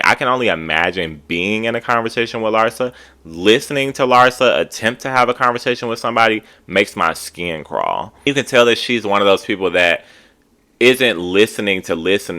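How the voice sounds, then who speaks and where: Deep-voiced, bright-toned man giving chatty commentary. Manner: chatty, opinionated, heavy use of "like". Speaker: TV recap host. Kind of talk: casual recap commentary.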